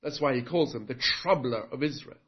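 A man's voice: mid-range voice, brisk, slightly rough, lo-fi sound. A man preaching a sermon earnestly, putting rhetorical questions to his congregation.

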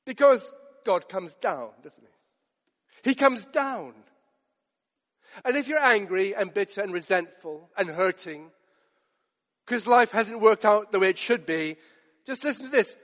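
High-voiced preacher in a reverberant hall. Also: male voice, expressive, unhurried, long pauses, a bit bright. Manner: earnest, builds to emphatic rhetorical questions. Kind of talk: sermon.

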